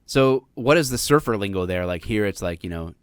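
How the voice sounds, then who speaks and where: A man's voice: fairly low pitch, lively intonation, brisk, smooth, no echo, studio quality. An American man hosting a live-streamed talk show, chatting casually and jokingly with plenty of fillers. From United States. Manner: rambling, jokey, lots of fillers.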